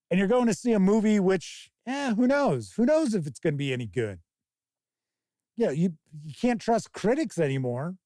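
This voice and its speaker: Brief: male stream host, slightly high voice, dry close sound, rambling and casual, swears freely. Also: dry recording. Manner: rambling, profane, animated mock quotes. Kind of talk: casual live-stream talk.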